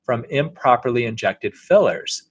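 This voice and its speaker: A middle-aged man, a plastic surgeon interviewed as a guest, telling a story in an earnest, animated way. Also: mid-range voice, moderate pace, breathy edge, no echo, dull audio.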